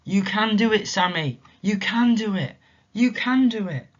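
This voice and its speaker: Man playing an unseen storybook voice, high, coaxing, urgent. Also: measured pace, a bit bright, muffled recording. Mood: encouraging. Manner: repetitive, coaxing, urgent encouragement. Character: mysterious faint encouraging voice, gentle and insistent.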